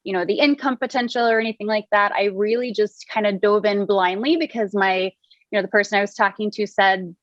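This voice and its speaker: A chatty woman in her thirties talks through her coaching work with plenty of "you know" and quick laughs. Her voice sits mid-range, recorded dry with a slightly dull, muffled tone. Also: medium pitch, fairly even intonation, no room sound. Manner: chatty, laughs often, many fillers. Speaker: wellness coach guest. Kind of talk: casual interview chat.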